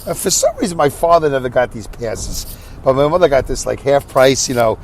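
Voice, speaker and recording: A tired middle-aged podcast host tells a rambling story in a casual monologue, acting out both sides of a conversation. He's animated and keeps interrupting himself, speaking fairly quickly in a mid-range voice. A little hiss or hum is audible.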